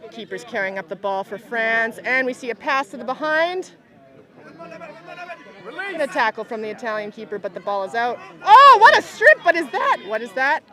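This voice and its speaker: A Canadian woman commentating a live match from the sideline, quick to exclaim at big plays. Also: fairly high pitch. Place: outdoor tournament sideline. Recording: outdoor crowd noise behind.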